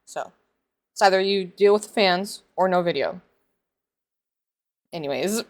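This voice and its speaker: A woman's voice: on the low side, unhurried, slight background noise. A woman making a casual reaction video at home, talking in a chatty, sarcastic way full of filler words. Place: hot bedroom at home.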